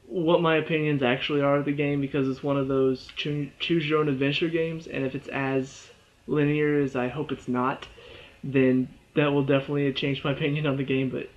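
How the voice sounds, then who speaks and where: A man giving a casual video game review, rambling and correcting himself as he goes, chuckling often. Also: fairly high pitch. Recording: dull lo-fi sound.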